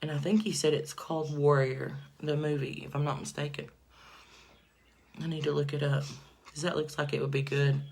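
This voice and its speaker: A woman chatting casually to viewers on a livestream while doing her makeup, excitable and prone to loud bursts of praise. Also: low-pitched, moderate pace, vocal fry. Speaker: livestream host.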